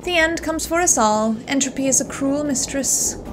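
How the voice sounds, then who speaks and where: A woman's voice: high voice, normal speed, over music, lightly acted. Woman voicing a doom-laden cryptic agent. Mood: ominous. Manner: portentous riddling pronouncements.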